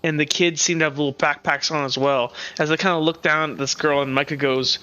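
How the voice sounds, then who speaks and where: A man running a tabletop game, rambling and giggly with lots of fillers. His voice is high and bright. The stream audio is a little muffled. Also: steady tone, fairly quick, few pauses, clear, resonant tone. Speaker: game master.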